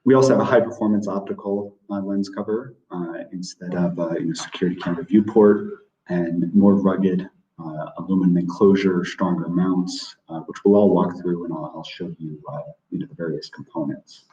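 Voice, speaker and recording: A man's voice: low-pitched, steady tone, moderate pace, dark tone. A man presenting product features in a webinar, hesitant and full of filler words. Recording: distant, roomy, dull audio.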